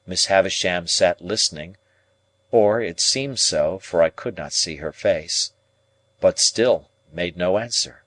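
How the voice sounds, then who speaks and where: A man narrating a classic novel as an audiobook, in an unhurried, expressive storytelling manner. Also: sits low.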